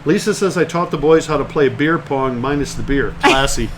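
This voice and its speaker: A man with a slightly raised voice co-hosts a homespun trivia stream, cracking dry jokes and rattling off viewers' names and answers. A steady hiss sits under the recording. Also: a little high, normal speed. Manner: jokey and teasing, rattling off names. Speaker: co-host of a live-streamed travel trivia show. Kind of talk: casual banter while reading viewer answers.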